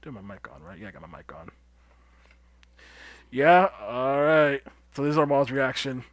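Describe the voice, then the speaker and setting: A young man explaining game footage in casual chat, calm and teasing. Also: medium pitch, normal speed, no room sound. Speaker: streamer showing footage.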